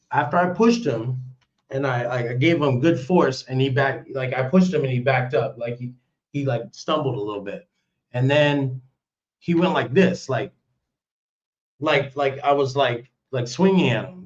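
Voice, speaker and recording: A man's voice: medium pitch, muffled recording. A man telling a story on a live stream in casual, rambling talk, cursing and restarting his sentences often. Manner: rambling, profane, with many restarts.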